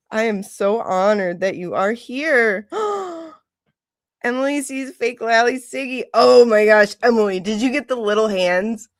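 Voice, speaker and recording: A woman hosting a casual livestream, gushing and excitable, gasping and laughing often. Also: a little high, no room sound, clean studio sound. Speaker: livestream host.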